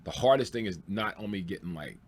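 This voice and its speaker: A man, a stand-up comedian, telling road stories in a loose, excitable way, laughing and swearing as he goes. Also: low voice, quick pace. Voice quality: excitable, swears freely, laughs through punchlines. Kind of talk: animated storytelling.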